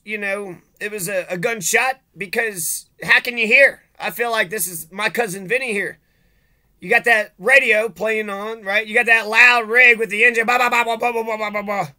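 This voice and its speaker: Man, sharp tense voice, ranting vlog commentary, profane, sarcastic. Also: sits high. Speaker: vlogger.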